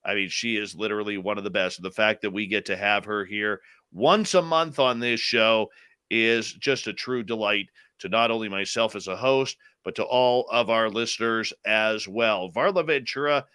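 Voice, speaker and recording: Bright, crisp-voiced male radio host. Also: on the low side, moderate pace, no echo. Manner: enthusiastic, reads chat names aloud, playful. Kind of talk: casual live show banter.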